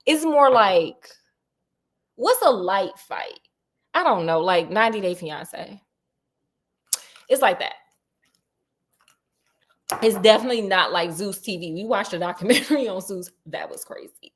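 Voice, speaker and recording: A woman's voice: mid-range voice, lively intonation, measured pace, long pauses. A woman retelling a story in a casual, chatty way, with digressions and laughing asides.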